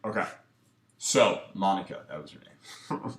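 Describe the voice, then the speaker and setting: Deep-voiced man, echoey room. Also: expressive, moderate pace. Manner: laid-back, filler-heavy, with many "um" and "like". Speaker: dating coach. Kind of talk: casual commentary breaking down footage.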